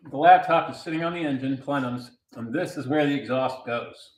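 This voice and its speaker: A man's voice: mid-range voice, fairly quick. Rambling man livestreaming from his garage. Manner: rambling, joking, reading chat aloud while working. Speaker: livestream host. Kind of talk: casual livestream chat. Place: home garage.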